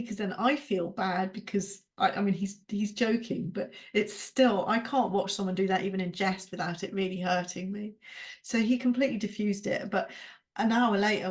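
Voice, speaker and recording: Frank, swearing woman podcaster. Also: medium pitch. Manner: frank and emotional, swears freely, laughs often. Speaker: podcast co-host, coaching client. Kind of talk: candid conversational podcast chat.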